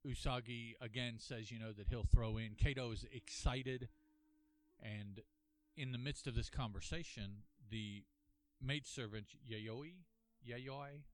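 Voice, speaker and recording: A man's voice: mid-range voice, steady tone, a little slow, a little mellow, clear, resonant tone. A man hosting a casual solo comic review, thinking aloud with many restarts and an earnest, apologetic manner. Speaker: podcast host reviewing a comic.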